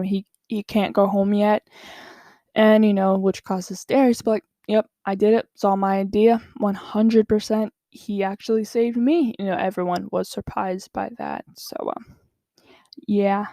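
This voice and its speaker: A woman casually recapping a show episode, rambling with lots of fillers and asides, acting out characters' lines in quick bursts. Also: medium pitch, warm tone, no echo, clean studio sound.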